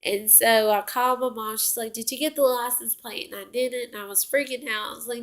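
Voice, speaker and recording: A woman's voice: a little high, fairly even intonation, brisk, few pauses, a bit bright. A young woman casually telling a personal story, rambling with many fillers and self-corrections.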